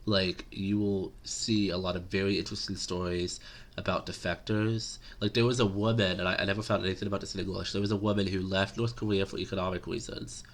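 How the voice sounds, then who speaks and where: A man's voice: deep voice, level tone, a little fast. A man giving casual political commentary to camera, rambling and opinionated with many fillers.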